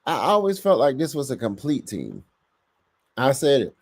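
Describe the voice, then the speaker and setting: A man hosting a casual live sports podcast, reading the chat aloud and talking back to it with lively bursts of emphasis. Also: mid-range voice, moderate pace, slightly rough, no echo. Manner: animated, talks to chat, bursts of louder emphasis.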